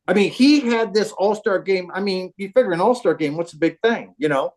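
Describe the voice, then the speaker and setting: Over a phone call, an older man who works as a baseball trainer tells an old baseball story in a lively, animated way. His voice is a little high, he talks a little fast with few pauses, and he acts out the quotes while swearing plenty.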